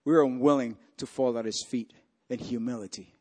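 A man preaching a sermon as pastor, swinging from loud, rising peaks to hushed, quiet lines. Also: medium pitch, fairly even intonation, moderate pace, husky.

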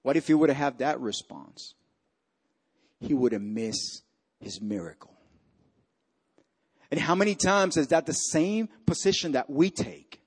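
A man's voice: on the high side, expressive, measured pace, long pauses, husky. Impassioned man preaching a sermon. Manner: impassioned preaching, swinging between loud peaks and hushed lines. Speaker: pastor.

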